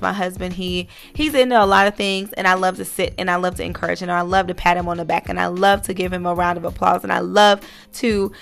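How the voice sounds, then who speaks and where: A woman hosts her own podcast in a relaxed, heartfelt monologue, full of "you know" and "um". Her voice has a gravelly fry to it, and soft music plays faintly underneath. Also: on the low side. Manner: earnest, motivational, many fillers. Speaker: podcast host. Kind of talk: casual encouraging monologue.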